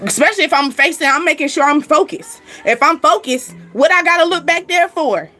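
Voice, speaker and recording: Woman host, high voice, sassy spiritual reader, faint music underneath. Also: fairly quick. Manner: animated, sassy, laughs often, talks straight to the listener. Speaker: spiritual reading channel host. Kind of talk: casual spiritual reading to viewers.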